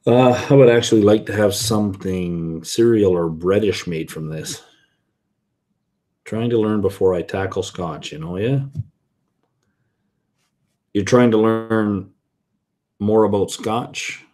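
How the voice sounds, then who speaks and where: Slow, rambling whisky vlogger man. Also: lowish voice, a little mellow. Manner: rambling, unhurried, often stopping to correct himself. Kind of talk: casual chat reading viewer comments.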